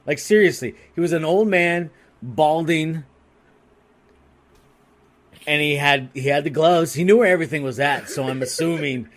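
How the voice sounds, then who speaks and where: A man's voice: on the high side, normal speed, pauses often. Crude, rambling podcast guy. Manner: crude, rambling and animated, with frequent restarts. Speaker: podcast co-host. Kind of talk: casual comedic storytelling.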